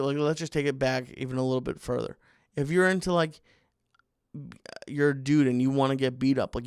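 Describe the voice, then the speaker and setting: Gravelly, rambling comedian. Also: male voice, mid-range voice, no room sound, studio quality. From United States. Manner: rambling and self-interrupting, mock-exasperated. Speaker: comedian podcast host. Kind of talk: comic monologue.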